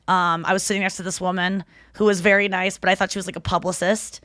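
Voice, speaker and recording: A woman's voice: fairly low pitch, little pitch movement, fast talker, fairly bright tone, no room sound, studio quality. A woman in her thirties hosting a podcast, telling rambling stories in casual chat and swearing freely. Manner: chatty, rambling storyteller who swears freely. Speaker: podcast host.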